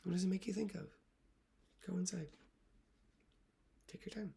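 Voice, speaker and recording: A woman's voice: lowish voice, steady tone, normal speed, creaky, warm tone, a little hiss or hum. A woman literacy coach talking reflectively to camera, earnest and emotional, often dropping her voice to a near whisper.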